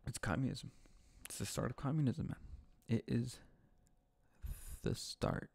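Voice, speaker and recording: Gravelly man ranting and swearing. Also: mid-range voice, unhurried, a little mellow. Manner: heated, swearing, repetitive. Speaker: host of his own online show. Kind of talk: profane ranting monologue.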